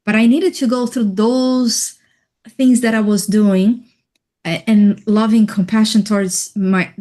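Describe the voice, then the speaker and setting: A woman guest on a radio interview, telling a personal story in a soft, reflective way with light laughs. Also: medium pitch, steady tone, measured pace. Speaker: interview guest, healing coach.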